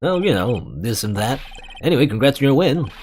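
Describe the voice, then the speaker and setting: A man's voice: medium pitch, big pitch swings, fairly quick, a little mellow, slight background noise, natural voice. A man voicing a clumsy, good-natured male detective in a game, talking eagerly.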